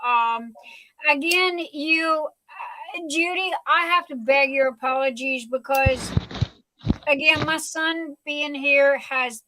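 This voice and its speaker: A woman's voice: sits high, takes it slowly, noisy background. An older woman hosting a casual livestream, gushing and emotional, tripping over her words. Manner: gushing, emotional, many restarts. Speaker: livestream host.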